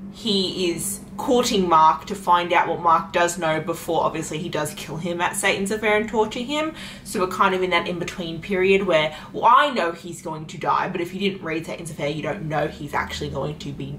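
A woman's voice: on the low side, slight background noise. Gushing young woman full of "like"s. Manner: gushing, says "like" constantly, swings between hushed and excited. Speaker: book vlogger. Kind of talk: casual chat.

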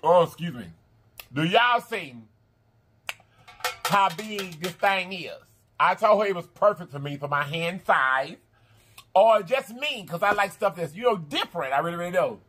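Woman host, bright, bubbly, chatty, repeats herself a lot, casual chat to viewers. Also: fairly low pitch, lively intonation, normal speed, slight background noise. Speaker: mukbang channel host.

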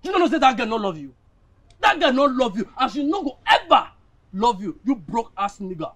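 A man's voice: extremely high pitch, sing-song, fairly quick, fairly bright tone, full character voice. An actor playing a blunt, teasing young male friend, speaking Nigerian Pidgin. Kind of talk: film drama acting.

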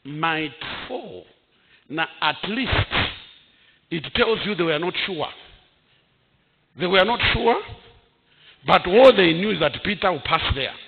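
A pastor preaches in a high, gravelly voice that swings widely up and down. He talks slowly and breaks into shouted bursts and chuckles. The recording has clear noise behind him. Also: phone-quality sound. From Zambia. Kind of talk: sermon.

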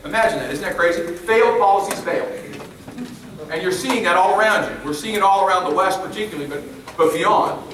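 A man's voice: high-pitched, fast, pushed and bright. A man giving an emphatic public speech to a crowd, repeating his key phrases. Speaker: speaker at a public meeting. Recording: echoey hall from far off, faint noise.

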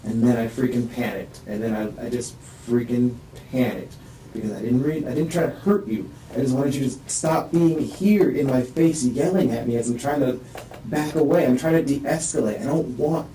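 A distressed man in a police interview room rambles through a halting statement, full of restarts, his voice rising and strained. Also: medium pitch, dark tone. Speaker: suspect being questioned. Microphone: distant room microphone. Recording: echoey room, distant mic, faint hiss.

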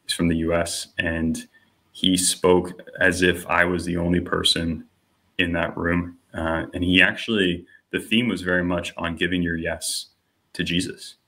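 Deep-voiced man telling his story. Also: little pitch movement, a little slow, pushed and bright. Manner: storytelling, acting out quoted voices, frequent "you know" and "like". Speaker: podcast guest. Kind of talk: personal testimony in casual conversation.

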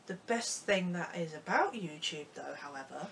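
A woman's voice: fairly low pitch, animated, moderate pace, gravelly, few pauses, fairly bright tone, slight background noise. A young woman vlogging in a sarcastic, rambling way, swinging between mock anger and gloom. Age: young adult. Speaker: YouTuber. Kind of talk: comedic vlog rant.

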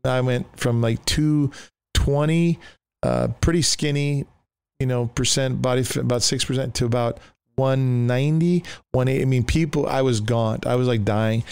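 An older man, a pastor, telling his testimony in an animated way, acting out the voices he quotes, with rambling restarts. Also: medium pitch, normal speed, gravelly, clean tone, dry recording. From Oregon, US. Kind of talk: animated storytelling.

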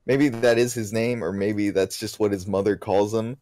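A man co-hosting a podcast in casual chat, talking haltingly with many restarts. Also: on the low side, fairly even intonation, darkish tone, no echo. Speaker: podcast co-host. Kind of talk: casual chat recapping a cartoon.

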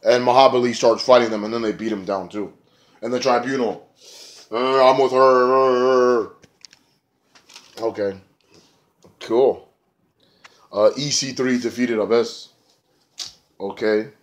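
A man's voice: lowish voice, fairly even intonation, unhurried, pauses often, a little mellow. A man feeling sick and snotty, giving a casual, profane, rambling review of a wrestling show, with lots of filler words. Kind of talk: casual spoken review vlog.

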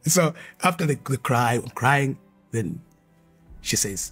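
Husky-voiced African man telling a testimony. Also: medium pitch, expressive, takes it slowly, fairly bright tone, faint music behind. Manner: emphatic, repeats key phrases. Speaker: guest sharing a testimony. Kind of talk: conversational testimony storytelling.

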